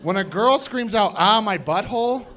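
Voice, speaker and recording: A male stand-up comedian from Colorado telling a story on a club stage, acting out quotes with animated bursts and shouts. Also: high-pitched, moderate pace. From Colorado, USA. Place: comedy club stage before a live audience.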